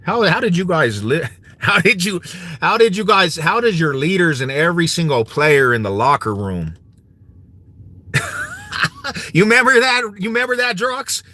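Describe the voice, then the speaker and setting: Bright, lively trash-talking man. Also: high voice, normal speed, long pauses. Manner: mocking, swaggering, slangy, laughs often. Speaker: vlogger. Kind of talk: casual trash-talking rant.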